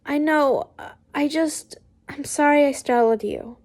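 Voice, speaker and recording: Woman reading as a remorseful older male wizard, brooding, hesitant, high-pitched. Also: measured pace, a little mellow. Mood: apologetic. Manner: hesitant, with restarts.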